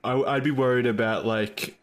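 A man co-hosting a casual podcast, wry and quick to laugh. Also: medium pitch, fairly even intonation. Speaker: podcast co-host.

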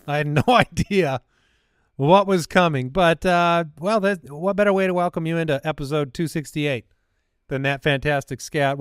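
A man's voice: a little high, clear, resonant tone, no room sound, studio quality. A man hosting a podcast in a casual, laid-back way, laughing easily as he reads listener questions. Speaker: podcast host. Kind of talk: casual chat.

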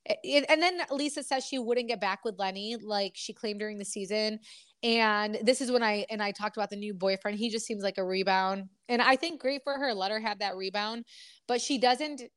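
A woman's voice: mid-range voice, normal speed, a bit bright, no echo, studio quality. A woman co-hosting a podcast, chatting casually about reality TV gossip in an emphatic, blunt way. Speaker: podcast co-host.

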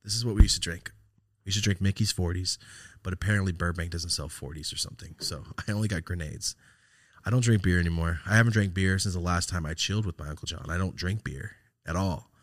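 At a quick pace, a somewhat low-voiced man hosting a podcast shares a personal story in loose, reflective, casual chat. Swearing comes freely, along with frequent fillers and restarts.

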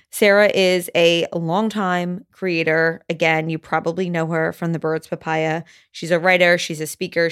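Excitable American woman podcast host. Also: fairly low pitch, dry recording, studio quality. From United States. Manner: gushing and excitable, quick asides. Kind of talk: casual podcast chat.

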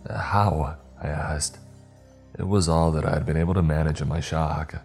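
A man narrating a scary story in a calm, measured storytelling manner. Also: rumbling low. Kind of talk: scripted horror story narration. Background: faint music.

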